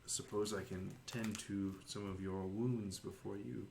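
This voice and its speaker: A courteous gnome cleric, voiced by a man game master speaks slowly and formally in a low, soft voice. The tabletop game's figure sounds gracious and unhurried. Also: fairly even intonation, vocal fry, background noise. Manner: measured, formal speech.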